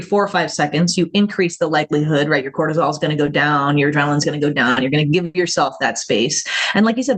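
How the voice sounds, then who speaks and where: A woman being interviewed as a therapist on a podcast, speaking lively, laughing often and acting out her own inner voice. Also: lowish voice. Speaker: guest therapist and jiu-jitsu black belt.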